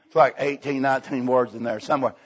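A man preaching a sermon in a folksy, punchy way, with sudden loud bursts. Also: medium pitch, steady tone, fast talker, husky. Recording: dull lo-fi sound.

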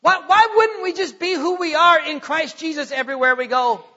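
Pastor type: very high, forceful male voice, emphatic preacher, echoing sanctuary sound. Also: normal speed. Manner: emphatic preaching with rising rhetorical questions. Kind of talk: sermon. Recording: long hall reverb, dull lo-fi sound.

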